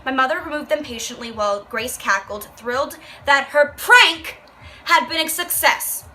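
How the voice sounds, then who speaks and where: Young woman, high voice, bright tone, swearing rant, reading aloud. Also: expressive, normal speed, slight background noise, rough recording. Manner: profane, exasperated. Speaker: vlogger reading and reacting.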